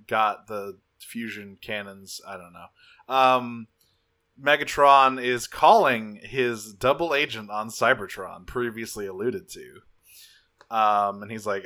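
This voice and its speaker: A man's voice: fairly low pitch, takes it slowly. A man co-hosting a podcast, recapping a cartoon in casual chat, swearing freely and acting out the characters' lines. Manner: profane, animated, acts out characters' lines. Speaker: podcast co-host.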